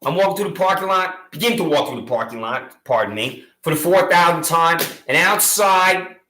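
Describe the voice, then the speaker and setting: A man's voice: fairly high pitch, lively intonation, normal speed, pushed and bright, echoey room, poor audio. A man making an impassioned public complaint against local officials, accusatory, sarcastic and repetitive.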